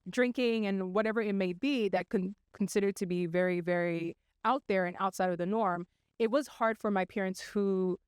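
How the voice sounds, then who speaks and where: A young woman from Congo, raised in South Africa, speaking as a podcast guest and telling her story in a measured, articulate way. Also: mid-range voice, clear, resonant tone, no room sound, clean studio sound. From Democratic Republic of Congo, raised in South Africa. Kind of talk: casual interview chat.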